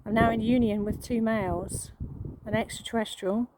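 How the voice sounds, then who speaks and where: A woman giving an emotional spiritual monologue, halting and repeating words, with frequent sighs. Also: fairly high pitch, steady tone, background noise. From England. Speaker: spiritual channel.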